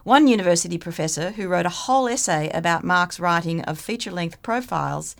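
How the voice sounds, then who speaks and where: A woman's voice: on the low side, lively intonation, brisk, gravelly. A woman, hosting a podcast, reading a guest introduction in a playful, teasing way. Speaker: podcast host. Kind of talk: scripted introduction, then casual chat.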